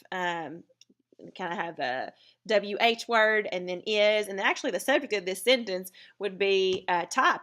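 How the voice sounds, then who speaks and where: A woman's voice: medium pitch, fairly bright tone. A woman teacher explaining grammar step by step in a recorded lesson.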